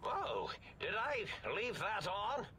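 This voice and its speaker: A man's voice: high voice, very animated, slow pace, bright, forceful tone, slight background noise, heavily acted. A man voicing an eccentric old mad scientist in a video game who talks in a pedantic, wordy, theatrical way.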